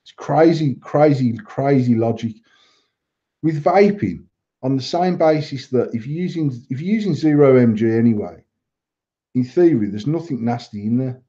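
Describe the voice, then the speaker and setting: A middle-aged man who co-hosts a podcast and owns a vape shop trades blunt, sweary, rambling banter. His dark-toned voice is medium-pitched with a moderate pace, and the sound is dull and lo-fi.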